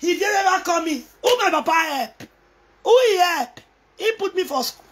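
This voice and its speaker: A woman with a Nigerian accent, rambling excitedly in a casual video message, mixing pidgin and English. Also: very high-pitched, moderate pace. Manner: mixes pidgin, English and local languages, excited and teasing.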